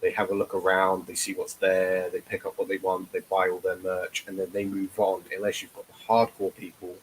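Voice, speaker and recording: A man's voice: sits low, completely flat delivery, brisk, slight background noise, poor audio. A man, an actor guest on a casual livestream, explaining things in a rambling way with frequent restarts.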